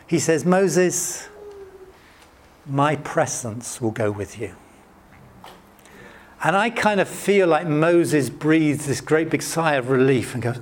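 A middle-aged man preaching a sermon in an earnest way, lifting his voice when he acts out quotes and dropping to a soft hush. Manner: earnest, rises high acting out quotes, drops soft and hushed.

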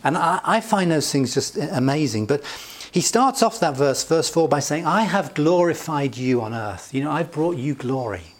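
A middle-aged man delivers a relaxed, conversational sermon in a voice pitched a little above the usual. He keeps it chatty and jovial, chuckling often and sprinkling in asides. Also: normal speed, hardly any pauses. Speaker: pastor.

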